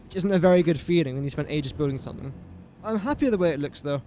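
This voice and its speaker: A man's voice: on the high side, expressive, rapid-fire, dark tone, soft background music. A man talking to himself in casual gameplay commentary, rambling and easily sidetracked. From England. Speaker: gaming streamer.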